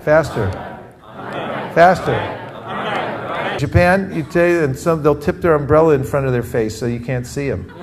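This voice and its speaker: A man from California teaching a live group in an energetic workshop style, calling for responses from the audience. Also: fairly high pitch, unhurried, pauses often, crowd noise. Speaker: teacher leading a training session. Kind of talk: interactive workshop talk.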